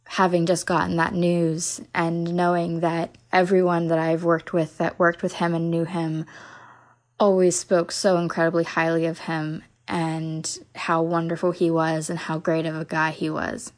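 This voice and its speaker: A woman's voice: on the low side, flat delivery, unhurried. A woman hosting a podcast in a casual, rambling, self-mocking way, tired after a night without sleep, recorded at a venue during sound check. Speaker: podcast host.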